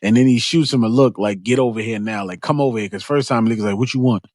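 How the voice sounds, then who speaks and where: A man co-hosting a casual book club discussion, relaxed, retelling scenes with quoted lines and casual slang. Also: medium pitch, quick pace, dry recording, clean studio sound.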